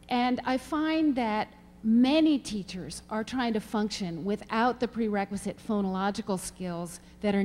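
A woman's voice: on the high side, a little mellow, a little hiss or hum. Woman lecturing in a reverberant hall. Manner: earnest, emphatic, poses questions to the audience. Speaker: reading researcher speaking at a symposium. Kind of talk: conference talk.

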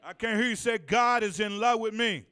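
A pastor with a high, clear, resonant voice and a sharp tone gives a sermon in a church sanctuary. He draws out his key phrases emphatically and calls for the congregation to answer back.

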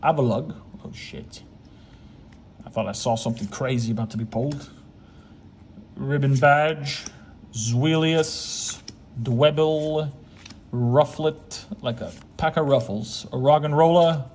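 A man's voice: mid-range voice, takes it slowly, long pauses, a little mellow, a little hiss or hum. A man hosting a casual card-opening chat with a friend, joking and teasing while calling out the cards. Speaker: channel host.

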